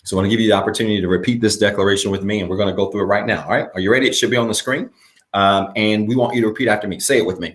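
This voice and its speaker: A pastor with a lowish male voice speaks to viewers of his church's online broadcast. He talks in an unhurried way and repeats his points, then reads a declaration slowly with pauses so people can say it after him. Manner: unhurried, repeats calls to action; slow, measured reading with pauses for repetition.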